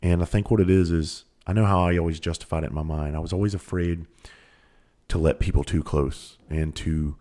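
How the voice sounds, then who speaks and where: Deep-voiced Southern country man. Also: fairly even intonation, a little fast, warm tone. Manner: blunt and profane, with rhetorical questions. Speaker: podcast host. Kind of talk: motivational podcast monologue.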